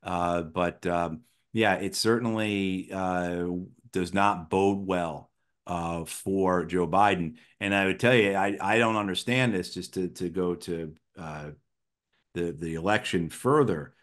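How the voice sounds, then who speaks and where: Man, middle-aged, deep voice, interview guest, thoughtful, restarts often. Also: steady tone, slow pace. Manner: thoughtful, frequent restarts and fillers. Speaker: interview guest, former Marine officer. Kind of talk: conversational political analysis.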